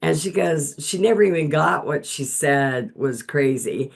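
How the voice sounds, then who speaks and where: A woman leads a painting lesson over a video call, her voice gravelly and her delivery unhurried. She chats in an animated way and laughs often as she teaches. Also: sits low. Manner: animated, laughs often while telling stories. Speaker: painting instructor and host. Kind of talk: chatty storytelling and painting instruction.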